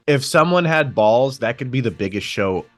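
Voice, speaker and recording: A man's voice: medium pitch, animated, normal speed, a bit bright. A man co-hosting a podcast, telling film memories enthusiastically and laughing often. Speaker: podcast co-host. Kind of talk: casual film chat.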